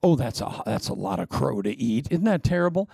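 A man preaching a sermon, blunt and teasing, swinging between sudden loud bursts and hushed, near-whispered asides. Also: fairly high pitch, very animated, fairly quick, creaky, slightly rough, no echo, clean studio sound. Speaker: pastor.

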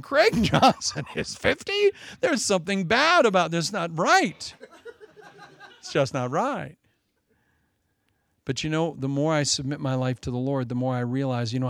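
A man in his forties preaching a sermon, animated and joking, with self-mocking asides. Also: medium pitch, gravelly. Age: 40s. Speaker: pastor.

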